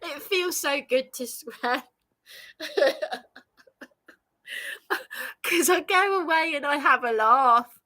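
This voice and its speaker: A woman delivers an emphatic, indignant monologue at an unhurried pace. Her voice is high and bright, and she swears and laughs with bitter disbelief. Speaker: vlogger. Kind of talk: ranting monologue to camera.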